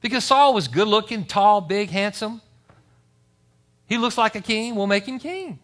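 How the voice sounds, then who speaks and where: Animated high-voiced male preacher. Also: measured pace. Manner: animated preaching, reads scripture aloud with asides. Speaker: pastor. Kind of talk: sermon. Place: church service.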